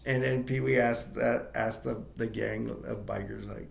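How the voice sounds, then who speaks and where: A man casually retelling a film's plot as an amateur reviewer, rambling and halting, leaning on "like" and chuckling often. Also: mid-range voice, fairly even intonation, vocal fry, reverberant.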